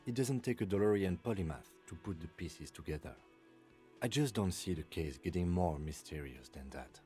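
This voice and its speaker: A man voicing a dry, clipped, tired police lieutenant with a deadpan manner. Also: low voice, moderate pace, soft background music, voice pushed down.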